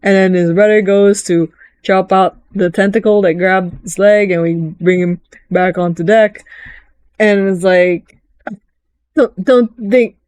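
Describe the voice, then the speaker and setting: A woman giving a casual, rambling recap of a video game, chatty and animated, often slipping into quick voices for the characters. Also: fairly low pitch, clear, resonant tone, no echo. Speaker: gaming vlogger.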